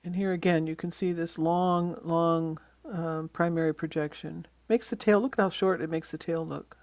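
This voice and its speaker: A birding instructor giving a casual slide-show lesson on bird identification, pointing out features in photos and often pausing with ums and uhs. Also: medium pitch, steady tone, dry recording. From Western Washington.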